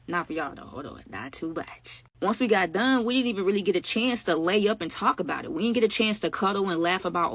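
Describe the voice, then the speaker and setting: A woman telling a storytime vlog in a casual, animated, slangy way, speaking straight to her viewers. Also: fairly low pitch, quick pace, hardly any pauses, no room sound. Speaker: storytime vlogger.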